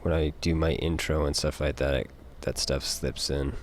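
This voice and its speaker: A man with a Utah accent chatting casually on a live stream, rambling and halting, with casual swearing. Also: very deep voice, flat delivery, slight background noise.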